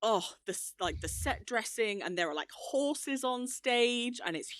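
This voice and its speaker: A woman's voice: a little high, animated, a little slow, fairly bright tone, no room sound. A young woman co-hosting a casual podcast, chatty and enthusiastic, laughing often. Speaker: podcast co-host. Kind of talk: casual chat.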